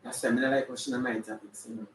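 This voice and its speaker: A man with a Jamaican accent playing a flamboyant, sassy female character full of attitude, hosting a live stream and shouting out viewers' names. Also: mid-range voice, little pitch movement, fast, slight background noise, pitched below the performer's own voice, lightly acted. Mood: gossipy. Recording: echoey room, mic at a distance.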